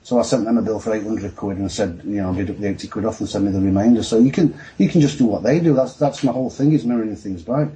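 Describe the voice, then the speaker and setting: A man with a Yorkshire accent, a guest telling stories in a casual live-stream chat, excitable and rushing, with frequent restarts. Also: fairly low pitch, a little hiss or hum, rough recording. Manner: rushed, excitable, talks fast with many restarts.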